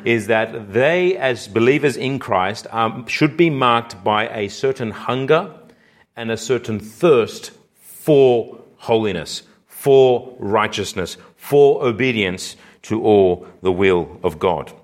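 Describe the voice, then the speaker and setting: Man, preacher, sermon, earnest, deliberate pace, rising intensity. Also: animated. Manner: earnest, rising in pitch and intensity when quoting scripture; slow, deliberate phrasing with repeated restarts.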